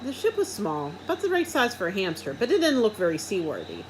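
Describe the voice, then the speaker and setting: Animated woman reading a storybook. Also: mid-range voice, fast, slight background noise, low-quality recording. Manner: expressive, animated first-person reading. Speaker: reader. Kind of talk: storybook read-aloud.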